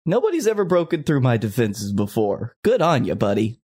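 A man's voice: mid-range voice, very animated, a little fast, darkish tone, breathy edge. A man voicing a shadowy male mastermind who mocks and congratulates his victim. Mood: smug.

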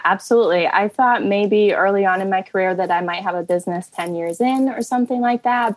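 A woman's voice: mid-range voice, dry recording, poor audio. Friendly upbeat woman guest. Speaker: podcast guest, therapy business owner. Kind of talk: casual interview chat.

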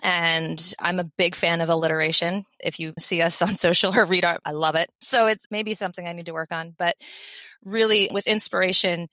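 A lively woman in her thirties from the Philadelphia area tells her career story as a podcast guest. Her voice sits slightly low, and she laughs easily. The sound is close and dry. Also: brisk, dry recording. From Philadelphia area, USA. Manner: upbeat, energetic, laughs often. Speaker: podcast guest, veterinary technician. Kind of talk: conversational interview.

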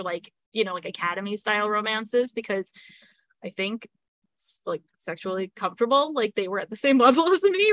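A woman's voice: mid-range voice, a bit bright, dry recording. A woman, a guest on a podcast, talking at length with many fillers. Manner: talkative, fillers, laughs between points. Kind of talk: casual chat.

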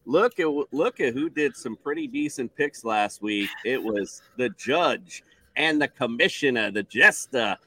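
A man's voice: medium pitch, a little slow, dry recording. A man hosting a sports picks show, reading stats and playfully calling on each panelist. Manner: animated, playful, reads stats then asks panel.

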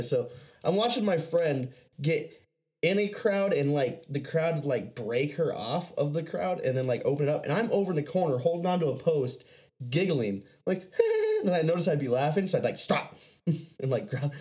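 A young man tells rambling, profane stories in a casual chat. His voice sits a little high and swings widely in pitch, and he often breaks into laughter. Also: a little mellow.

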